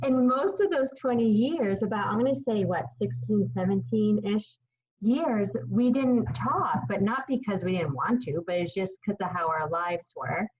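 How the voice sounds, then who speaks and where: A woman's voice: mid-range voice, normal speed, a little mellow. A woman in her late thirties hosting a casual chat, earnest and emotional, close to tears. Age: late 30s. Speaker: host. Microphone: video call. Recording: slightly muffled video call.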